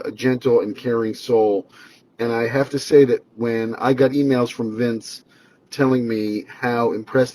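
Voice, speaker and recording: A man's voice: on the low side, darkish tone, rough recording. A man, a singer-songwriter and radio host, speaking a conversational, reflective tribute with fillers. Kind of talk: spoken tribute.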